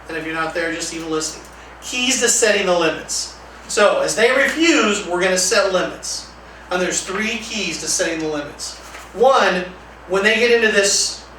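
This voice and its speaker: A man delivers a training lecture in a relaxed, conversational way, now and then repeating calm example phrases. His voice sits high and sounds bright. He is recorded from far off in a very echoey room with a faint hiss.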